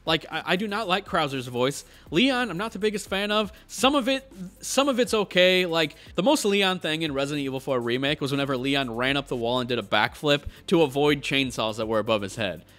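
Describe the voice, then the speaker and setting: A man's voice: a little high, brisk. A man ranting passionately as a video game commentator. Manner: passionate, animated. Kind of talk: opinionated rant.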